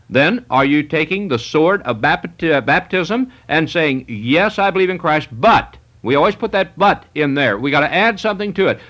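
Male preacher, emphatic and repetitive, slightly higher voice, dull lo-fi tape. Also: fairly bright tone. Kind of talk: sermon. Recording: muffled lo-fi recording.

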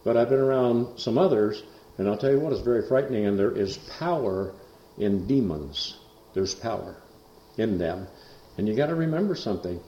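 A man preaching in a folksy, rambling way, full of fillers and asides, who rises to loud, emphatic bursts on scripture. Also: on the low side, animated, moderate pace, a little hiss or hum. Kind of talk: folksy sermon storytelling. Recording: roomy, dull lo-fi recording.

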